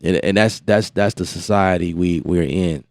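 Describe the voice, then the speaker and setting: An American man hosting a beat-making livestream, chatting casually in an animated, exasperated way and often repeating his words. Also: low voice, moderate pace, no echo, clean studio sound. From United States.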